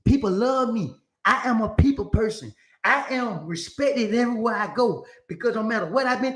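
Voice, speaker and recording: High-voiced man preaching his own story. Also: animated, normal speed, roomy sound. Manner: preachy, emphatic, retelling talks with God. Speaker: commentator in a played clip. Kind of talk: storytelling monologue.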